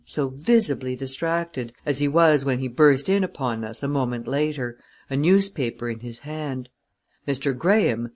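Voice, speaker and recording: An audiobook reader giving first-person narration of a period novel, even and steady. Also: mid-range voice.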